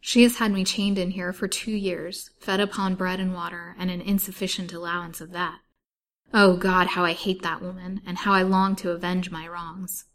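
A woman's voice: on the low side, level tone, normal speed, fairly bright tone, lightly acted. A woman reading aloud in the voice of a weak, bitterly wronged young wife, earnest and pleading.

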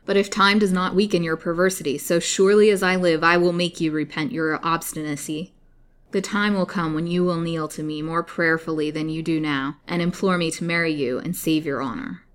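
A woman voicing a cold, insistent young male suitor in a storybook reading, speaking forcefully. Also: deep voice, steady tone, brisk, close to an everyday voice. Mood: cold menace. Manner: forceful, imploring then menacing.

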